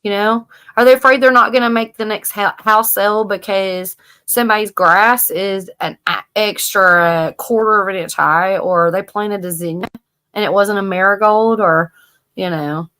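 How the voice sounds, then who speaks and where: Southern woman, animated storyteller, salty casual chatter on a live stream. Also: medium pitch, moderate pace. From American South. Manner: animated storyteller, swears freely. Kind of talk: casual chat.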